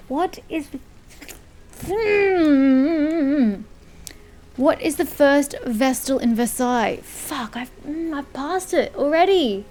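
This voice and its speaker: A woman's voice: high-pitched, darkish tone, a little hiss or hum. A young woman giving casual let's-play commentary, frustrated and swearing as she mutters to herself. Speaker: gaming streamer.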